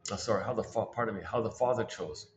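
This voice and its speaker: A man's voice: fairly low pitch, fast, soft background music. Man rambling through a psychology talk. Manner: repetitive, restarts and self-corrections, thinking aloud. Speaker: speaker on psychoanalytic ideas.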